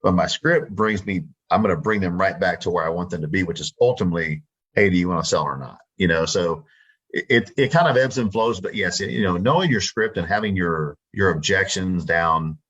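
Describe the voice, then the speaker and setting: A man's voice: low-pitched, fairly quick, a bit bright, breathy edge, lo-fi sound. A Texan man, a real estate wholesaler, chatting confidently in an interview and acting out his phone scripts. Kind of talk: casual interview talk.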